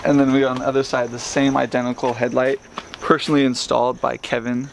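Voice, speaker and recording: A man's voice: medium pitch, level tone, quick pace, creaky, low-quality recording. A young man joking around as he explains a friend's car, playful and laughing a lot. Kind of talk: casual joking chat. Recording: outdoor noise with crickets.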